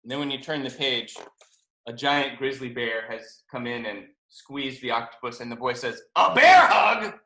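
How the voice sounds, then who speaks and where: A man, a children's author, reading his picture book aloud to first graders over a video call, expressive and asking them questions. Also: mid-range voice, normal speed. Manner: animated, expressive, asks kids questions. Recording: roomy video call audio.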